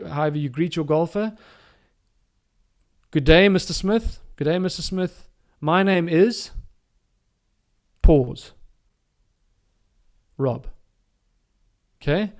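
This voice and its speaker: A man's voice: fairly high pitch, a little mellow. A middle-aged man with a South African accent giving a caddie training webinar, emphatic and coaching, repeating his key words for stress.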